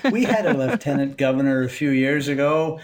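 A man with a lively voice that rises and falls a lot, delivering political commentary on the radio. He talks like a storyteller and slips in dry, humorous asides as he goes. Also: mid-range voice, brisk. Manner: animated storyteller, wry asides. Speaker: political columnist, regular guest.

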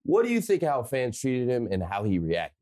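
A man co-hosting a sports podcast, relaxed, setting up topics and asking his partner questions. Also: mid-range voice, moderate pace. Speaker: podcast co-host. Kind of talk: casual sports talk.

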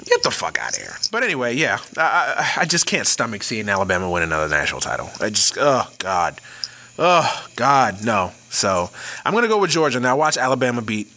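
A man's voice: medium pitch, sing-song, brisk, sharp tone. A man hosting a sports podcast, ranting casually with lots of cursing and stuttered restarts. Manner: profane, ranting, many restarts. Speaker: podcast host.

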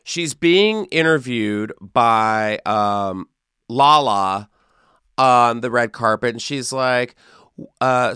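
A man's voice: mid-range voice, slow, sharp tone, clear, resonant tone, no echo, clean studio sound. A man hosting a podcast, ranting in a sarcastic, catty way about celebrity fashion, with some swearing. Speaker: podcast host. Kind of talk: casual chat.

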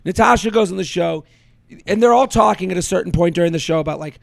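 A man in his thirties co-hosting a casual chat, rambling and animated, full of "like". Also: high voice, quick pace, gravelly, dry recording. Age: 30s. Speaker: podcast co-host.

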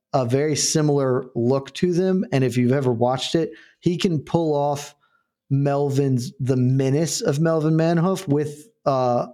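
A man's voice: mid-range voice, darkish tone. A man co-hosting a casual sports podcast, rambling and laughing as he talks. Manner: rambling, laughs often, restarts sentences. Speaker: podcast co-host. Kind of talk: casual chat.

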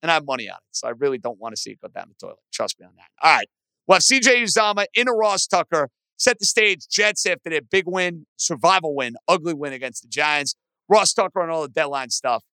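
A man hosting a sports podcast, ranting with animated opinions about teams and trades. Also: fast talker, smooth, no room sound. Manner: animated, aggravated rants with rising pitch. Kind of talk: opinionated sports talk monologue.

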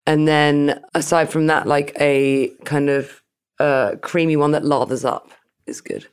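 A woman's voice: low-pitched, fairly even intonation, a little slow, smooth. A woman being interviewed, chatting casually and self-deprecatingly and laughing often. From Britain. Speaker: interview guest.

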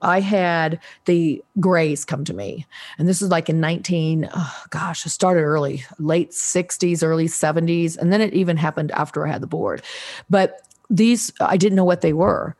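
Woman in her 60s, a guest telling her own story, slightly low voice, animated, plays the other voices. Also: a little fast. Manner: animated, acts out quoted voices, restarts often. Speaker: podcast guest, psychic. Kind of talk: casual storytelling interview.

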